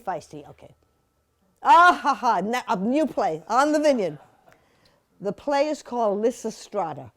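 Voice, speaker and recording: A woman in her seventies giving a chatty, playful slide-show talk to a museum audience, full of asides and laughter. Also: fairly high pitch. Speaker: guest speaker at a museum talk.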